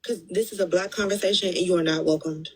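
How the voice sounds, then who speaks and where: A woman's voice: on the low side, steady tone, quick pace, breathy edge. A woman hosting a live-stream talk, firmly interrupting to keep order over a phone. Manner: firm, interrupting to restore order.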